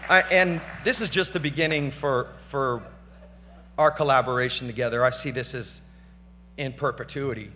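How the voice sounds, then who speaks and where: A middle-aged man's mid-range voice, pushed and bright at a normal speed, carries a casual, off-script gala acceptance speech full of slang and thanks to family and friends over a stage microphone. A faint crowd is present, and the large banquet hall is reverberant with a faint hum.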